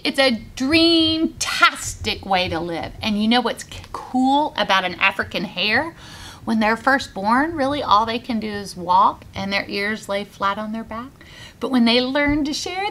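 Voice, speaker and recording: A woman's voice: fairly high pitch, unhurried. A woman author, reading her picture book aloud and getting children to join in. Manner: animated, coaxing kids to join in. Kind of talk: interactive storytime reading.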